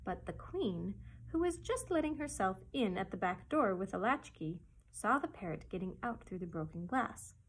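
Husky-voiced woman reading aloud. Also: medium pitch, big pitch swings, normal speed, rough recording. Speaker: children's librarian. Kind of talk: reading a chapter book aloud.

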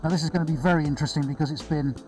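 Brief: upbeat male artist host, slightly high voice, chatty and rambling, live-stream feel. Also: steady tone, rapid-fire, mellow, soft background music, rough recording. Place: indoor studio floor with extractor fan.

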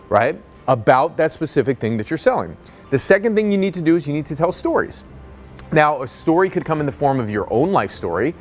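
A man giving a motivational sales lesson as a business coach, telling stories and acting out the people in them. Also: mid-range voice. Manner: energetic, storytelling, acts out quoted voices.

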